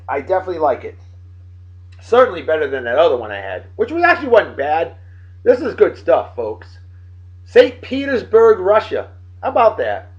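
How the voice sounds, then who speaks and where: A man's voice: high voice, fairly bright tone, dull audio. A man in his late thirties from Martha's Vineyard, hosting a casual beer-tasting vlog in a boisterous, jokey, self-hyping way. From Martha's Vineyard, Massachusetts. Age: late 30s. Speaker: host of a beer-of-the-day show.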